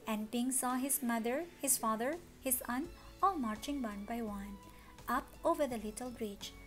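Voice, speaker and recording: A woman reading a children's story aloud, expressive with dramatic gasps. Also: fairly high pitch, normal speed, faint music behind. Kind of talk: children's read-along story.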